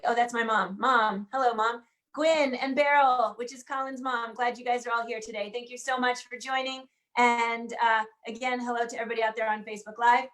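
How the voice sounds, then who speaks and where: A woman hosts a live online sing-along, with a fairly high voice that stays level. She greets viewers one by one in a chatty way, over a video call. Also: a bit bright. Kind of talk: livestream welcome and greetings. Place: room in Washington, D.C.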